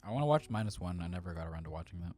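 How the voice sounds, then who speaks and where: A man co-hosting a casual podcast chat, relaxed, laughing often and trailing off mid-sentence. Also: low voice, rapid-fire, faint music behind. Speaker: podcast co-host.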